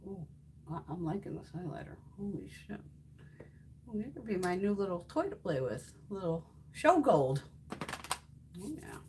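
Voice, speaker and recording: Her voice sits lowish and runs a little fast, with a touch of hiss or hum. She's a beauty YouTuber in her fifties, swatching makeup on a casual livestream and telling stories in a blunt, animated way, cursing freely.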